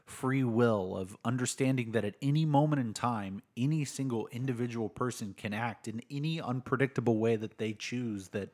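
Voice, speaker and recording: A man co-hosting a casual book podcast, musing out loud and thinking through ideas with restarts. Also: mid-range voice, normal speed, hardly any pauses. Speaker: podcast co-host.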